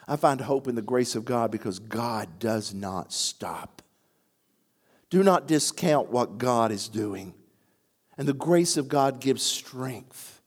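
A man preaching a sermon, moving from quiet reflection to emphatic, rising declarations. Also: medium pitch, takes it slowly, pauses often. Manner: animated, rising to emphatic near-shouts on key phrases. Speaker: pastor.

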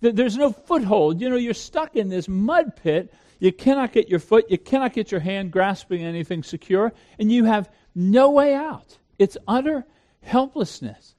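A man's voice: high voice, lively intonation, normal speed, a little mellow. A man preaching a sermon in an earnest way, often repeating words as he starts a sentence. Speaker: pastor.

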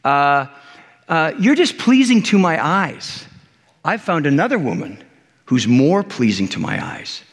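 A pastor preaching a conversational sermon, joking with the congregation and acting out quotes. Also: male voice, fairly high pitch, big pitch swings, unhurried, big-room sound. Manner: conversational, jokey, with many restarts and acted-out quotes.

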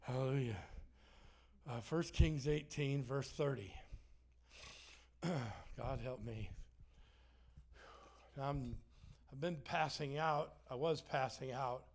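A man's voice: mid-range voice, slow, pauses often. A man preaching a sermon in a church, joking and self-deprecating, with frequent restarts. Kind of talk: sermon with humor. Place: church sanctuary.

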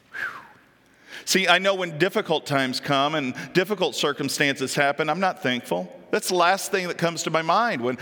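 A man's voice: high-pitched, bright, forceful tone, long reverb tail. A man preaching a sermon from a church stage. He reads scripture aloud and then comments on it, asking the congregation questions. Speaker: pastor.

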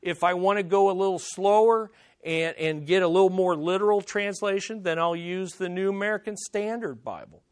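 A middle-aged man with a fairly high voice preaches in an easy, conversational way. He drives his points home by repeating short phrases with emphasis. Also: fairly even intonation, normal speed, clean tone. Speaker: pastor. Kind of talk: sermon.

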